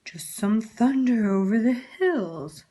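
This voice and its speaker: A woman's voice: a little high, animated, takes it slowly, dark tone, slightly rough, heavily acted. A woman voicing a sneaky, hungry male wolf in a read-aloud storybook, drawn out and sly.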